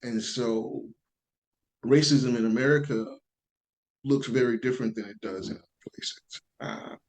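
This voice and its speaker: Animated male storyteller, mid-pitched. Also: measured pace, poor audio. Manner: animated storyteller who acts out quoted voices. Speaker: podcast guest. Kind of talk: casual storytelling conversation.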